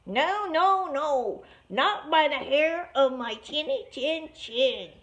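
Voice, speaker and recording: A woman voicing a cocky, carefree little male pig in a storybook reading, talking in a perky, high voice, on a muffled lo-fi recording. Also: lively intonation, slow pace, exaggerated voice. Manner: perky, higher and brighter than the narration.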